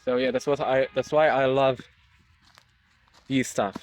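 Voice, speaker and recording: A young man from Morocco chatting casually while walking through a forest on a rainy day, halting and searching for words in English. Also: medium pitch, little pitch movement, slight background noise. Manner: soft, unhurried talk while walking. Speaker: nature vlogger. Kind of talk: casual walking vlog chat.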